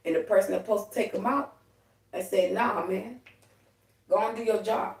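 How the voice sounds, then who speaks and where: A woman's voice: medium pitch, moderate pace, vocal fry, pauses often, a little mellow, slight background noise. Woman, heated profane preaching, livestream host, echoey room, a bit distant from the mic. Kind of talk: casual spiritual livestream talk.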